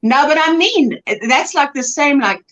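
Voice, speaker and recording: Lively chatty woman livestream host. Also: sits high, unhurried, lo-fi sound. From South Africa. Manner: chatty, laughs often, restarts sentences. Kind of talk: casual chat on a crochet livestream.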